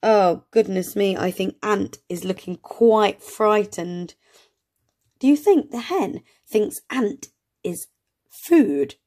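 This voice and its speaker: A woman reading an early reader aloud to young children, gently sounding out words and asking encouraging questions. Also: mid-range voice, takes it slowly. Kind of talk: children's read-along lesson.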